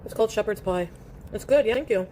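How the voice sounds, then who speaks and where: Eating and chatting on a home live stream, a woman reads viewers' comments aloud and rambles in a casual way. She talks fast in a warm, mid-range voice, and there's slight noise in the background.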